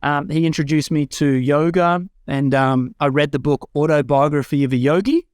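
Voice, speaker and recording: A man's voice: fairly high pitch, normal speed, no room sound, clean studio sound. A man, a guest telling his life story in a frank, earnest way. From Australia. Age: 40s. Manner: earnest, frank storytelling that lifts into excited self-quotes. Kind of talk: personal life story told in conversation. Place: home room with a bookshelf.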